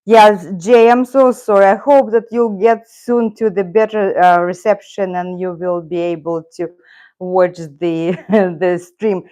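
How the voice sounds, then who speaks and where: A woman's voice: mid-range voice, darkish tone. A middle-aged woman with a Russian accent, chatting casually and rambling on a live stream. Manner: rambling, talks to her cat and viewers. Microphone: loose clip-on mic.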